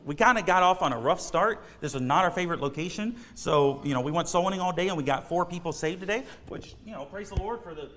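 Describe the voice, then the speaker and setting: A man's voice: high-pitched, lively intonation, fast talker, hardly any pauses, a bit bright, in a large hall, slight background noise. A man preaching a sermon, telling a story in a casual, rambling way with many fillers.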